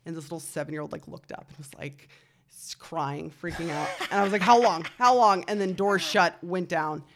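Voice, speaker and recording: Animated woman in her thirties, low voice. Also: brisk, noisy background. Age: 30s. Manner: animated storyteller, swearing and voicing others. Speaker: podcast guest. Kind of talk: casual chat.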